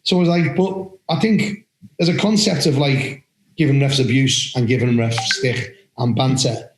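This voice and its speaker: A man co-hosting a podcast, telling blunt, animated stories and swearing now and then in casual chat. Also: mid-range voice, normal speed, faint music behind. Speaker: referee podcast co-host. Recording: roomy echo.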